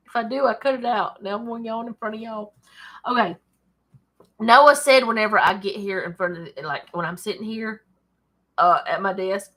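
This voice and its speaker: Reading and casually discussing scripture at her desk at home, an Alabama woman with a Southern US accent keeps drifting off on tangents and laughing. Her medium-pitched voice sounds bright and forceful.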